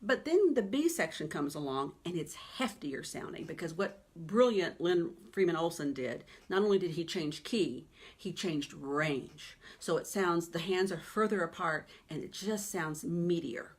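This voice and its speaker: Woman, piano teacher, lowish voice, chatty webinar delivery with lots of "okay?" and "right?". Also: expressive, unhurried, slightly rough. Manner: chatty, emphatic, keeps asking "okay?" and "right?".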